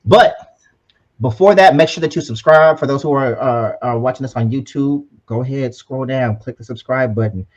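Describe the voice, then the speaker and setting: A man co-hosts a podcast, talking in a slightly raspy, breathy voice. He sounds upbeat and preachy and keeps tagging "right?" onto his points. The audio is muffled and lo-fi. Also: mid-range voice, moderate pace. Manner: upbeat, preachy, often adds "right?" and "you know what I'm saying". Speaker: podcast co-host. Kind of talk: casual motivational podcast chat.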